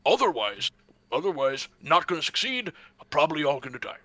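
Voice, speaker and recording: A man's voice: on the high side, very animated, fairly quick, bright, forceful tone, no echo, heavily acted. A man playing a blunt third-person brute. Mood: urgent. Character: simple-minded brute warrior Bolg, talks of himself by name.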